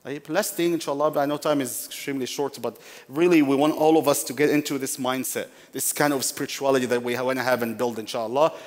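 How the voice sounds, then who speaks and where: In a large mosque hall with long reverb, a man teaches a workshop in a sermon-like manner, repeating key phrases for emphasis and calling his listeners brothers. His medium-pitched voice has fairly even intonation and a quick pace.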